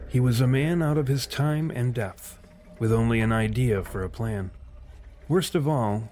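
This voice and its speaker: A man narrating a scripted story in a measured, literary way. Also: mid-range voice, mellow, slight background noise.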